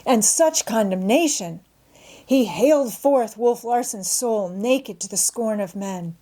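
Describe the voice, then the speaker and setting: A woman narrating a classic novel aloud in a measured, expressive storytelling manner. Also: fairly high pitch. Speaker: audiobook narrator.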